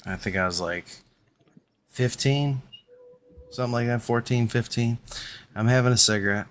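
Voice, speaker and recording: A man's voice: medium pitch, moderate pace, a bit bright, a little hiss or hum. Profane man telling a story. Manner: profane, laid-back storyteller. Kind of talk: casual anecdote.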